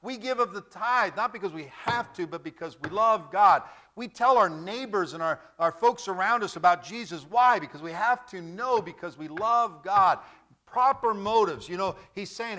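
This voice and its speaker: A man preaching a sermon as pastor, with lively, repetitive delivery and joking stories. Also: sits high, normal speed.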